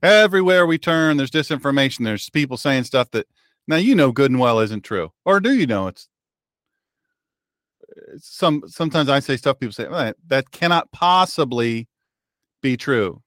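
A man's voice: mid-range voice, expressive, moderate pace, fairly bright tone, no echo, studio quality. A male radio show host and pastor, talking in a folksy, sarcastic monologue with a joking mock-drawl.

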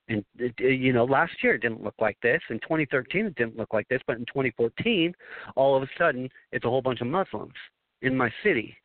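A man's voice: medium pitch, animated, fast talker, dry recording. A man from Southern California telling a long story on a talk radio call, rambling and emphatic, with many restarts. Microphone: phone. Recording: dry tinny phone line.

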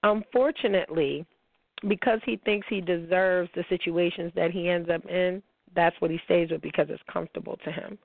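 A woman's voice: fairly low pitch, steady tone, moderate pace, vocal fry, no room sound, narrow, tinny audio. A woman hosting a casual spiritual monologue, blunt and profane, talking straight to her listeners. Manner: blunt, profane and emphatic, often swearing; addresses listeners directly as y'all. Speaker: host.

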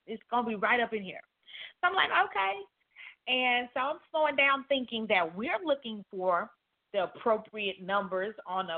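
A woman hosting a casual podcast, telling a story animatedly and acting out the other people's voices. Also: on the high side. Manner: animated, acts out quoted voices. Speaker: podcast host. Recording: phone-like narrow sound.

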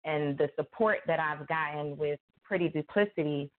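A woman's voice: sits low, moderate pace. A woman author chatting casually, telling stories and acting out quoted lines with laughter. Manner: animated storyteller, acts out quotes, laughs often. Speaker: guest author. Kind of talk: casual chat. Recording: tinny phone-like line.

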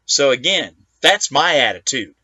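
A man's voice: mid-range voice, very animated, unhurried, bright, forceful tone, dry recording, muffled recording. A man hosting his own talk show, delivering a profane, combative political rant. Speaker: host.

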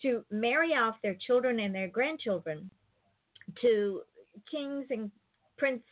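A woman's voice: on the high side, expressive, slow pace. A woman hosting an interview in casual chat, telling stories in a rambling, digressive way. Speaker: interview host. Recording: tinny phone-like line.

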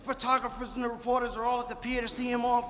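Brief: male comic storyteller, high, animated; tinny, noisy, echoey record. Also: racing. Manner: lively, slangy storyteller. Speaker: comedian. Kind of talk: storytelling comedy routine. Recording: tinny, hissy, reverberant comedy record.

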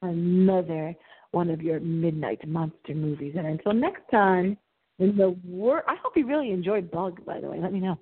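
A woman hosting a late-night radio show, chatting about movies in an animated, dramatic way. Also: lowish voice, normal speed, husky. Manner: animated, dramatic, gasping and singing for effect. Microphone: phone held to the computer. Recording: tinny phone-like line.

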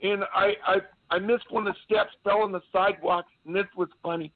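A man calling in to a radio show who tells earnest, meandering army stories in a fairly high voice. The sound is thin and tinny, like a phone line. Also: fairly even intonation, brisk. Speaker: guest, army veteran. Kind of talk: casual phone-in storytelling.

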